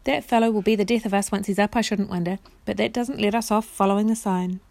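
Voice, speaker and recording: A woman's voice: medium pitch, steady tone, fast talker, gravelly, darkish tone, no echo, close to an everyday voice. Glum, blunt male marsh creature, storybook voice from a woman reader, dry. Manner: plain, blunt, glum speech.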